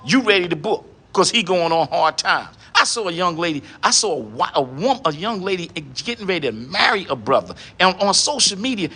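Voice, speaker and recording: A middle-aged man delivers a preachy monologue. His voice sits high and bright. He lectures through a string of rhetorical questions, often with a pointed "huh?". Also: breathy edge. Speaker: online commentator addressing women.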